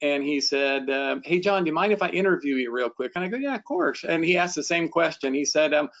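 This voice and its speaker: A man on a webinar panel answering a question with an animated anecdote full of filler ums, over a video call. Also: on the high side, brisk, lo-fi sound. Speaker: panelist, cruise recruiter.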